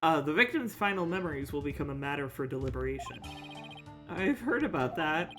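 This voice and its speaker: A woman's voice: sits low, expressive, fairly quick, over music. A woman streaming a game with friends, reading its lines aloud and chatting, laughing often. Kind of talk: casual let's-play chat, reading game lines.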